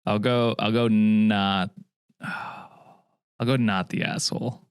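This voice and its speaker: A man's voice: fairly low pitch, steady tone, slow, clear, resonant tone, no room sound, studio quality. A man co-hosting a live podcast, talking in an easygoing, sweary way. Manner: easygoing, sweary, laughs often. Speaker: podcast co-host. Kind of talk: casual podcast chat.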